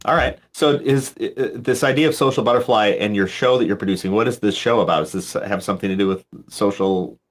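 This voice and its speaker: Male talk-show host, hesitant, wordy, casual questions. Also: fairly low pitch. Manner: halting, searches for words, many fillers. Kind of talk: casual interview chat.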